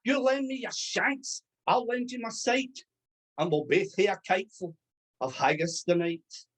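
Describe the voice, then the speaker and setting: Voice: medium pitch, measured pace, natural voice, poor audio. A reciter voicing a wounded young soldier who urges his comrade on. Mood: urgent. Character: wounded young male Scots soldier urging his mate on.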